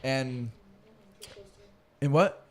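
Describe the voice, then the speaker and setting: A young man hosting a podcast, telling rambling, animated stories between friends and swearing freely. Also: medium pitch, extremely slow. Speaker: podcast host. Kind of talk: casual chat.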